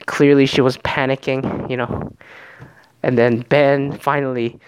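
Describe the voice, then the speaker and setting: A man's voice: mid-range voice, very animated, normal speed, clear, resonant tone, dry recording. A man casually recapping a reality show, rambling and swearing often, and slipping into voices to mimic the people he quotes.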